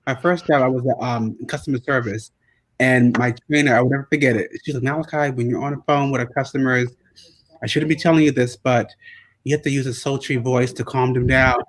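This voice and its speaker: A man who writes comics, a guest telling relaxed anecdotes in casual chat. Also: medium pitch, a little fast, low-quality recording. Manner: relaxed anecdotes, acts out quotes.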